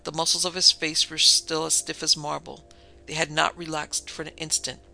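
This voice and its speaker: A man reads a gothic tale aloud in formal, measured tones. His voice is strongly gravelly and very bright, sits fairly high, and barely moves in pitch, with faint music underneath. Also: flat delivery, poor audio. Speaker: narrator. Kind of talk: audiobook reading of a gothic tale.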